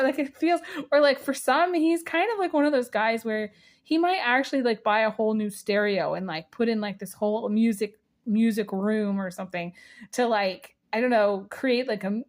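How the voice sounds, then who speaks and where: A woman giving a casual spiritual tea reading, rambling with many fillers and breaking into giggles. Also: on the high side. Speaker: tea leaf reader.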